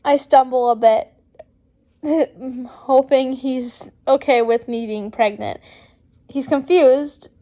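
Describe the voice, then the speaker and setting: Woman host, high voice, unhurried reading of fan fiction with chatty comments in between. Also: fairly even intonation, dark tone. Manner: breaks off into chatty, giggly asides between read lines. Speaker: fanfiction reader and channel host.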